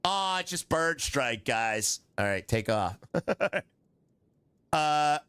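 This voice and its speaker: A middle-aged man streaming a game live, excitable and joking as he chats with his viewers. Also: fairly high pitch, very slow, smooth, no echo. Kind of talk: live gameplay commentary.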